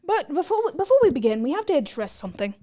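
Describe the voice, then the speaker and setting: A woman acting out a smug, mock-patriotic British gentleman with a put-on British English accent. The voice sits a bit high and stays haughty and self-satisfied. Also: big pitch swings, racing. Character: smug mock-posh British man named William. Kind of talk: comedy sketch.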